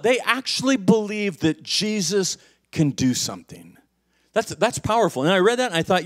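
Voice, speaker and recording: A middle-aged male pastor preaching a sermon, telling stories in casual slang and swinging from hushed to loud. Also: high-pitched, animated, moderate pace. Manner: casual slang, says "man" often.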